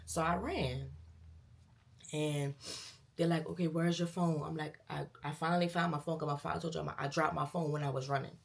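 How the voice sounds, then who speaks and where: Low, gravelly young woman telling a story. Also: moderate pace. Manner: animated retelling with quoted dialogue, addresses viewers as girl and y'all. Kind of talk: casual storytime.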